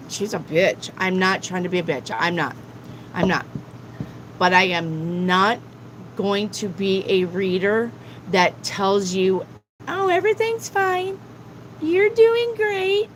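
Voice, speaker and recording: A woman's voice: fairly low pitch, slight background noise, rough recording. A woman tarot reader on a live stream, lecturing her viewers bluntly and swearing often.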